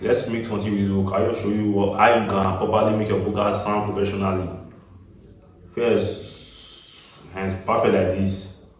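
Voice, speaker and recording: A man's voice: lowish voice, flat delivery, moderate pace, slight background noise. Nigerian man in a very echoey room. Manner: chatty, repeats himself, mixes in Pidgin phrases like "get me?". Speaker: music production tutor. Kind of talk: casual tutorial talk. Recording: echoey room, voice far from the mic.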